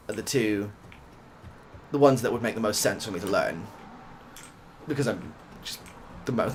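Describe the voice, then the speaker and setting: Fairly low in pitch, a young ASMR gaming streamer from the UK talks softly as he plays, wandering through a story with occasional swearing. A little hiss or hum runs under the recording.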